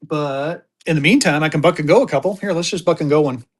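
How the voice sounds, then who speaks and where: Man from Colorado, high voice, selling live on stream with quick, excited auction patter. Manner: upbeat, rapid-fire adding items, gets excited.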